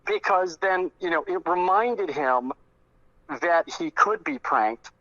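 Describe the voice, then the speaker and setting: A man, a close friend of the subject, telling anecdotes in a lively conversational way and acting out quoted lines. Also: high voice, slow pace, dry recording. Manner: animated, acts out quoted dialogue in raised voices. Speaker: guest, close friend recalling the deceased. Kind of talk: conversational storytelling. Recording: muffled lo-fi audio.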